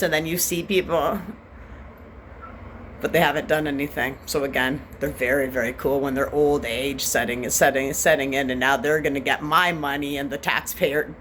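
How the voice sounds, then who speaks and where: Bright-voiced woman ranting profanely. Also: low voice, slight background noise. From Canada. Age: 40s. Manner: profane, scattered, mocking, defiant. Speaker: vlogger. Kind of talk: ranting vlog monologue.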